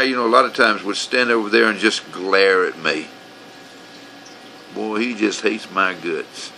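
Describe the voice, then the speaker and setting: A man's voice: lowish voice, pushed and bright, slight background noise, rough recording. A man telling his grievances in a rambling, profane, aggrieved way, as casual storytelling. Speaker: vlogger telling his own complaints.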